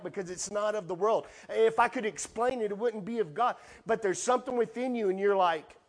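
High-voiced animated male pastor preaching. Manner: animated preaching with playful acted asides. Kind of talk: sermon.

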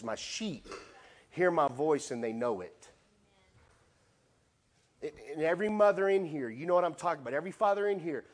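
A middle-aged male pastor preaching a sermon, animated, with playful acted asides to the congregation. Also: on the high side.

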